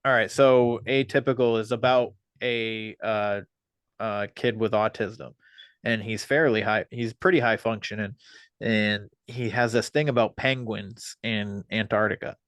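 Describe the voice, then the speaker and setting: A man hosting a podcast, chatting casually and relaxed, laughing and swearing freely. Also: fairly low pitch, unhurried, no room sound. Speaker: podcast host. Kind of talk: casual chat.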